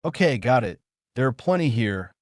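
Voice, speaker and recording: A man voicing a calm, guarded teenage boy ninja who speaks nonchalantly in a fan fiction reading. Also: mid-range voice, normal speed, dry recording, clean studio sound, pitched above the performer's own voice, lightly acted.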